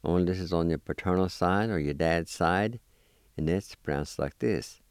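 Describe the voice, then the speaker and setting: A man teaching vocabulary, patiently spelling each word letter by letter and repeating it slowly. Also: deep voice, smooth, no room sound, studio quality. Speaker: language teacher. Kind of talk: slow spelling and pronunciation lesson.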